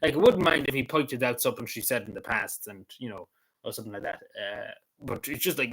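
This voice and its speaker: A man hosting a casual livestream, talking in a halting, rambling way with frequent laughs and restarts. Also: medium pitch, animated, a bit bright, breathy edge, low-quality recording. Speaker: livestream host.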